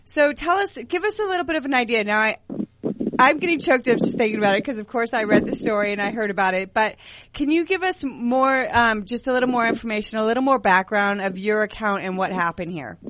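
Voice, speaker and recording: A woman hosting a call-in talk radio show, speaking gently, with many halting restarts. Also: on the high side, lively intonation, a little hiss or hum. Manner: gentle, repetitive, halting phrasing.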